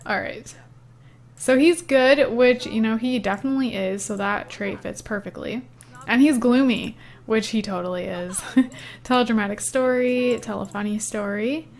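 A woman's voice: fairly high pitch, unhurried, vocal fry. Giggly, chatty young woman gamer. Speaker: gaming YouTuber. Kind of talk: casual let's-play commentary.

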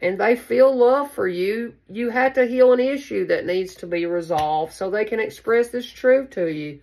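A woman's voice: medium pitch, normal speed, gravelly, a little mellow. A woman giving a casual tarot reading to camera, chatty and affectionate, calling her listeners baby. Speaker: tarot card reader.

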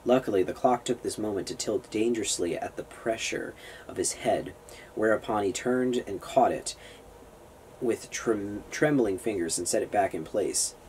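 A man's voice: on the low side, moderate pace, a little mellow, slight background noise, low-quality recording. A man reading a novel aloud, stumbling over words and restarting lines. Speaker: reader of a novel on a public access show.

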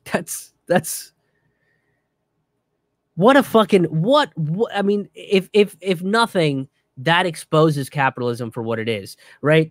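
A young man in a comedian's heated political rant, swearing freely and tripping over restarts. His voice sits a bit high for a man. The recording is dry and close, with no room sound. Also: dry recording. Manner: profane, heated, restarts often. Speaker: comedian commentator. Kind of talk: ranting political commentary.

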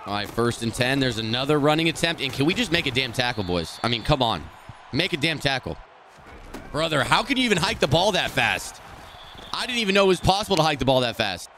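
A man streaming a football video game, talking through each play and often swearing and yelling at the game in frustration. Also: mid-range voice, very animated, brisk, slight background noise. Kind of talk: live gameplay commentary.

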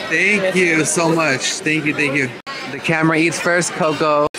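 A man's voice: a little high, fairly even intonation, moderate pace, a crowd in the background, low-quality recording. A man chatting casually while filming a travel vlog on a cruise ship, upbeat and playful. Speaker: vlogger. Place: cruise ship cabin and decks.

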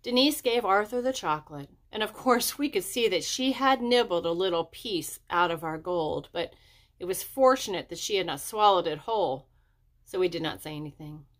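A woman reading a children's chapter book aloud, raising her pitch for the children's dialogue. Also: lively intonation, moderate pace. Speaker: audiobook reader. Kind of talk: storybook narration.

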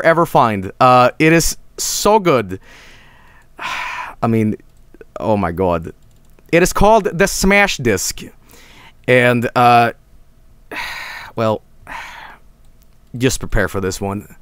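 An excitable male streamer talks through his screen in loose, rambling commentary. His voice leaps up and down in pitch, often cracking into high squeals of delight. The sound is close and dry, with no room echo. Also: clear, resonant tone.

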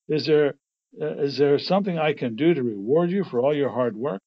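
A timid yet showy stage magician with a slightly raised, husky voice, as a man reading a storybook puts him on. The recording sounds a little dull and lo-fi. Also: fairly high pitch, lively intonation, a little fast. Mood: humble. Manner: shy, then grandly boastful and scornful. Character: shy yet boastful male stage magician.

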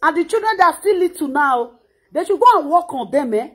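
A woman's voice: high voice, lively intonation, brisk. A Nigerian woman in her thirties with a Nigerian Pidgin accent, scolding in an impassioned reaction monologue and often repeating words. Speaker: social media commentator.

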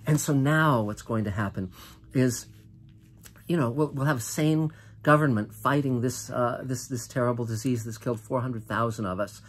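Older American man, mid-pitched, earnest and impassioned solo monologue, restarts often. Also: husky. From United States. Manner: earnest and impassioned, with frequent restarts and drawn-out emphatic phrases. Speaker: host. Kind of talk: political monologue to camera.

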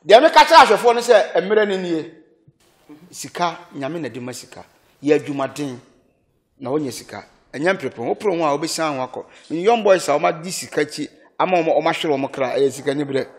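A man with a Ghanaian accent being interviewed, talking in an animated way and often laughing. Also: a little high, brisk. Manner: animated, switches between Twi and English, laughs often. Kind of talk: casual interview.

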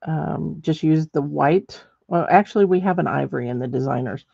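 A woman's voice: low voice, moderate pace, gravelly, warm tone, no room sound, dull audio. A middle-aged woman demonstrating ceramic painting in a chatty way, thinking aloud as she works. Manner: chatty, thinks aloud while working, many ums.

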